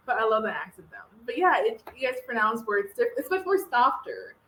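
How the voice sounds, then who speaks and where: A woman from the Congo co-hosting a reaction video in casual, animated chat, laughing often. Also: a little high, normal speed, echoey room, slight background noise, low-quality recording. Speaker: co-host of a reaction channel.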